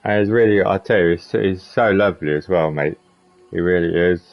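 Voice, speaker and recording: A man's voice: sits low, a little fast, gravelly, dull audio, faint music behind. A man, a streamer chatting casually and repeating himself while he plays. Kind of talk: casual chat while gaming.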